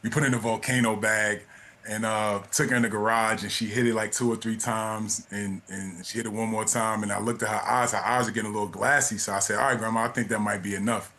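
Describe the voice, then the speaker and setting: A man in his forties, a former basketball player, telling a personal story as a studio guest, relaxed and laughing at his own tale. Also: fairly low pitch, fast talker. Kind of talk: anecdotal storytelling.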